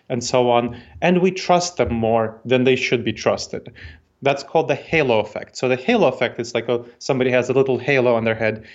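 A man's voice: mid-range voice, dull audio. A man in his forties, from Moldova, with an Eastern European accent tinged with New York, explaining ideas methodically as an interview guest. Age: 40s. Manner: methodical, explanatory, repeats key points. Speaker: guest expert.

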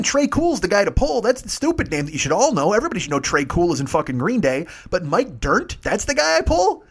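A man's voice: sits high, fairly bright tone. A man, hosting a podcast and telling rambling, profane stories in a casual solo monologue. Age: 50s. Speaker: podcast host.

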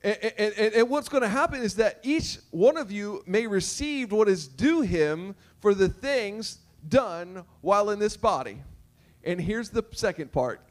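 A high-pitched man preaching a sermon. He is emphatic and repetitive. He jokes and keeps asking the crowd questions. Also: lively intonation, a little slow. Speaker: pastor.

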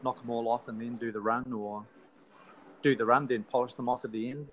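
Australian male co-host, loose rambling banter, ordinary middle pitch. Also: steady tone, brisk, low-quality recording. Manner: rambling, teasing, with many fillers and restarts. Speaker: podcast co-host. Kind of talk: casual podcast chat.

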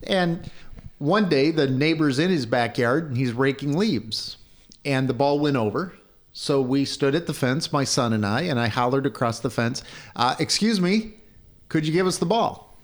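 A middle-aged man telling a personal story in casual conversation, growing animated when he quotes people. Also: normal speed. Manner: animated when quoting, raises pitch for dialogue.

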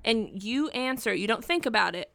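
A woman co-hosting a casual quiz chat, firm and quick, giving clear explanations. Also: fairly high pitch, lively intonation, fairly bright tone, dry recording. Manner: bossy, quick, explains patiently. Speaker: co-host.

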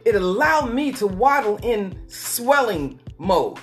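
A woman telling a personal story as a guest in an earnest, repetitive way, slowing down for emphasis. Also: mid-range voice, sing-song, faint music behind. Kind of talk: emotional personal testimony.

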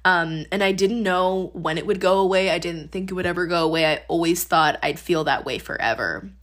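A woman's voice: fairly low pitch, a little fast, a bit bright. Earnest young woman sharing her testimony. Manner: casual, earnest, heavy use of "like". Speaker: podcast host. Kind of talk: personal faith testimony.

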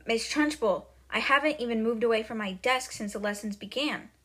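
A woman voicing a clever young schoolgirl who protests in a high, pleading voice. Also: normal speed, fairly bright tone.

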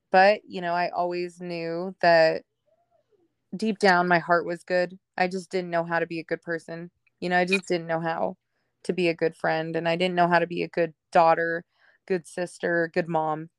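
A woman's voice: lowish voice, little pitch movement, moderate pace, clear, resonant tone, no echo. A young woman telling her life story candidly in a casual podcast chat, laughing often and acting out what others said. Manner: candid, laughs often, acts out quoted people. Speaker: podcast guest.

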